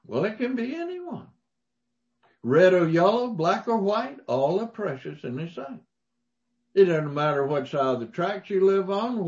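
Pastor, unhurried, emphatic folksy sermon delivery. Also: male voice, on the high side, a little mellow, dull audio. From Mississippi, US. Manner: folksy storytelling preacher, emphatic rises.

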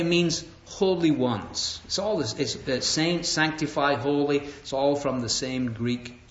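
A middle-aged man preaching a sermon, earnest, often stammering and checking in with "right?". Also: medium pitch. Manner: earnest, repeats "right?" to the audience. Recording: roomy, dull live hall recording.

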